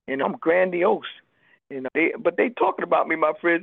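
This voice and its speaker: An older woman gives a personal testimony in a deeply gravelly voice, pressing each point home with emphasis. She comes through a thin, phone-like radio recording, close and dry. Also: expressive, moderate pace, dry recording. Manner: emphatic storytelling, voices the people she quotes. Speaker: speaker sharing a recovery story.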